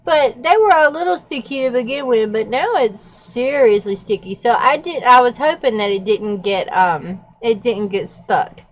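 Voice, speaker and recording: A woman's voice: on the high side, moderate pace, hardly any pauses, muffled recording. A woman hosting a casual vlog, chatting and telling stories while laughing often. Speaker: vlogger host. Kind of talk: casual plan-with-me vlog chat.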